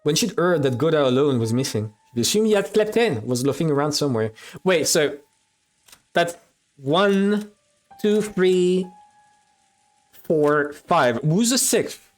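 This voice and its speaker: A man's voice: a little high, expressive, unhurried, soft background music. A man streaming himself reading a visual novel aloud, switching between narration and casual, swearing commentary.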